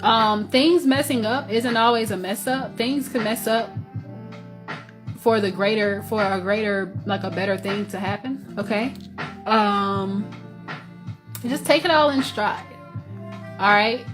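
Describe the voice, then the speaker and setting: Music plays under a Southern US tarot reader whose medium-pitched voice moves at a measured pace with long pauses. Her reading is loose and chatty, peppered with fillers and restarts.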